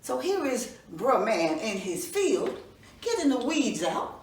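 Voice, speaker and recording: A woman storyteller telling a folk tale for children, expressive and folksy, her voice fairly high and rising and falling widely. She sounds distant from the mic in a roomy space, with faint noise behind her. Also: takes it slowly.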